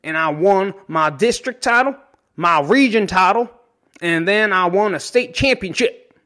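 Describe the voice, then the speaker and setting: A man voicing a boastful former state wrestling champion turned coach, with a country accent, pitched higher and louder than his own voice. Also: expressive, measured pace, exaggerated voice. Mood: bragging.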